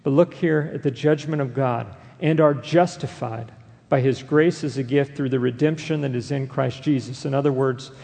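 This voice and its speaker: A man's voice: on the high side, gravelly, darkish tone. A man preaching a sermon as a pastor, reading scripture aloud and explaining it to his listeners. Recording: long hall reverb.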